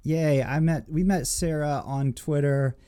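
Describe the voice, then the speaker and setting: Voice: mid-range voice, fairly even intonation, a little slow, dark tone, clean tone. A podcast host in casual chat, loose and rambling, swearing often.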